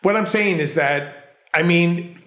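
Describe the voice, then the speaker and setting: A man's voice: sits high, unhurried, fairly bright tone. Middle-aged man with a Long Island accent, artist guest who rambles and self-corrects, recorded in an echoey room. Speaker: artist and curator, interview guest. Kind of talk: casual interview conversation. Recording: roomy echo.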